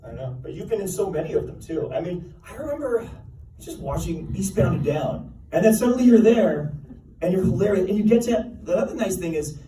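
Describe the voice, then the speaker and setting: A man's voice: high-pitched, very animated, brisk, dark tone. A man moderating a convention panel, asking long, enthusiastic questions. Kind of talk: interview questions. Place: large convention hall. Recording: echoey hall, taped from far off.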